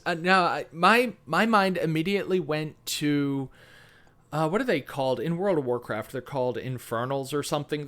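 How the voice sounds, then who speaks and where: A man whose voice is a little high and fairly bright co-hosts a book podcast. The discussion is casual, and he talks animatedly, with lots of fillers and laughter.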